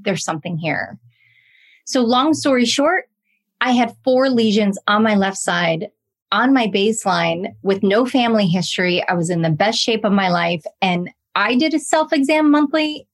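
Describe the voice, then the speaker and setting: A woman in her forties, a podcast guest, telling her own story in a lively, chatty way and acting out the dialogue she quotes. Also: fairly high pitch. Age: 40s. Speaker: guest, pathologist assistant and wellness coach. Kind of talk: personal storytelling in an interview.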